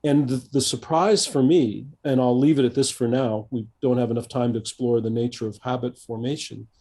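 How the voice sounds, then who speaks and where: Mellow-voiced reflective male coach. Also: mid-range voice, steady tone. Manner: thoughtful, halting, with many restarts and fillers. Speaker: executive coach, guest. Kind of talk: reflective podcast interview.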